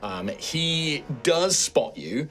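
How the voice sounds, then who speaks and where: A man's voice: fairly high pitch, sing-song, very slow, fairly bright tone. A man running a tabletop game as game master, narrating at length with many fillers. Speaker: dungeon master.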